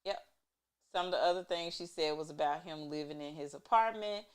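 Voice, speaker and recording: A woman's voice: low-pitched, a little fast. A woman hosting a casual show recap, chatty and exasperated as she retells scenes, talking on a webcam. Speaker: show recap host, intimacy coach.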